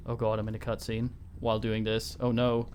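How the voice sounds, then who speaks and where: A man's voice: fairly low pitch, completely flat delivery, a little fast, darkish tone, a little hiss or hum. A man streaming a video game live, giving dry, sarcastic commentary and swearing often. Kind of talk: casual live gameplay commentary.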